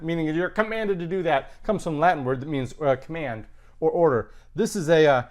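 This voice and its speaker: Middle-aged guy teaching latin grammar on video, punchy and emphatic, voice a bit on the high side. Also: lively intonation, fairly quick. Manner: conversational, emphatic, punchy asides. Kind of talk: recorded video lesson.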